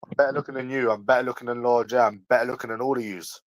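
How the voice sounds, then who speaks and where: A man's voice: mid-range voice, fairly even intonation, racing. A man in his early twenties with a London accent talks casually to his livestream audience. He argues back at the chat in a defensive, slangy way and circles back to the same points. His mid-range voice sounds dry and close to the mic, with no room echo. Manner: defensive, argumentative, slangy, repeats himself. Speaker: livestream host.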